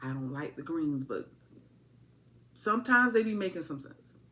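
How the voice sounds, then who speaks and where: Woman, casual TV recap, animated, bright lively voice. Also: low voice, moderate pace. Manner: animated, playful, acts out characters in quotes. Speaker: TV show reviewer.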